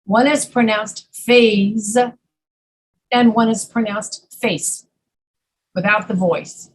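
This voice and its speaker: Slow, husky woman teaching pronunciation. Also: medium pitch, poor audio. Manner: patient, demonstrates sounds by repeating words slowly. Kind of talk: online pronunciation lesson.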